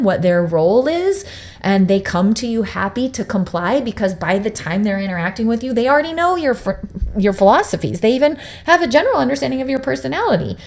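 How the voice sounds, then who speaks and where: A woman's voice: a little high, a little mellow. A woman coaching a webinar, chatty and upbeat, talking directly to viewers and checking in with them often. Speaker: business coach presenting a webinar. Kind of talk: webinar teaching.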